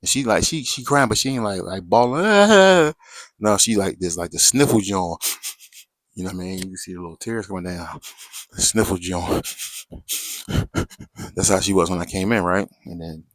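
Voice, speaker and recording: A man spins a story in a low voice, loose and full of slang, tossing in "right?" every few lines. The sound is close and dry, with no room around it. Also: moderate pace, pauses often, no room sound. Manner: slangy, chatty, repeats "right?" and "you know". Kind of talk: casual storytelling to viewers.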